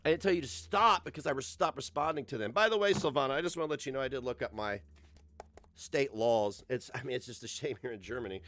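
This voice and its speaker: A man's voice: medium pitch, quick pace, a bit bright. A man ranting sarcastically in a reaction commentary, mocking and swearing freely. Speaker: commentary streamer.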